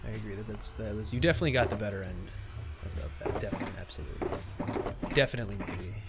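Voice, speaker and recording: A man's voice: lowish voice, rapid-fire, over loud music. A young man chatting casually on a livestream while he plays, throwing in goofy made-up sound words. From USA. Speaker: streamer.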